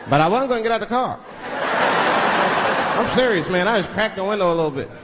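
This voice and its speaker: A man's voice: sits high, animated, quick pace. A man doing stand-up storytelling on stage, acting out the voices in his stories. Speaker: stand-up comedian. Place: comedy stage before a live audience. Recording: live show with loud crowd and noise. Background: loud audience laughter.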